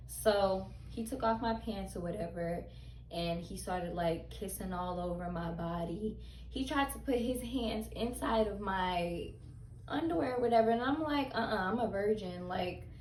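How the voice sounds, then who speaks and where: A young woman sits talking straight to her camera, loose and candid, with her sentences dotted with "like" and "um." Her voice sits at an ordinary middle pitch. It rings off the bare walls of an echoey room, with a faint hiss underneath. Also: darkish tone. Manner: candid, loose, many fillers and "like". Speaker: vlogger telling a story. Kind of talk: casual storytime chat to camera.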